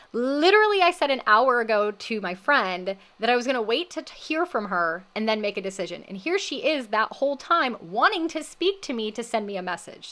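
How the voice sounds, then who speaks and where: Bright, animated woman telling a story. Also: fairly high pitch. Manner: animated, acts out quoted voices. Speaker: wellness podcast host. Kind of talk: casual storytelling recap.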